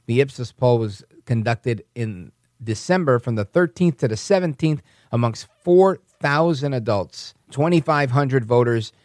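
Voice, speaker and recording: A man hosting a political podcast, talking in a calm, conversational way and correcting himself as he goes. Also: medium pitch, measured pace, hardly any pauses, dry recording, clean studio sound. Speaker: podcast host. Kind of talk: political commentary monologue.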